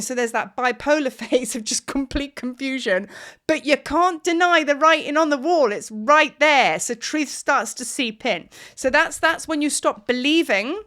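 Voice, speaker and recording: Chatty woman, fairly high voice. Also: normal speed. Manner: chatty, animated, often asks "do you know what I mean"; laughs through the talk. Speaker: spiritual teacher. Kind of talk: casual spiritual energy talk.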